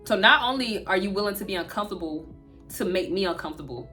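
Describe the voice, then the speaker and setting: A woman, telling a storytime vlog straight to her viewers in an animated way. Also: medium pitch, fast, faint music behind. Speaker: vlogger.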